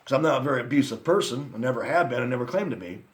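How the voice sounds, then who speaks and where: A man's voice: mid-range voice, animated, rapid-fire. Middle-aged man, casual rant vlogger, loose and profane, rambles and laughs.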